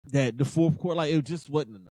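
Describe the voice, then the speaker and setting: High-voiced guy ranting about his team on a podcast, dry close sound, keeps hammering the same lines. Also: fast talker, warm tone, dry recording. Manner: fired-up, emphatic, repeats phrases for effect. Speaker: sports podcast host. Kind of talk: casual sports talk.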